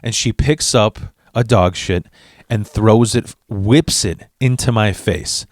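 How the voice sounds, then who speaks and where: A man hosting a vlog, telling a comedic story in an animated, profane, fast-talking way. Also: fairly low pitch, dry recording, studio quality. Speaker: vlog host.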